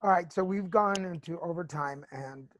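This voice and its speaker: A woman's voice: on the low side, moderate pace. A woman hosting a podcast, telling personal stories frankly with swearing and laughter. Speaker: podcast host. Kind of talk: candid casual chat.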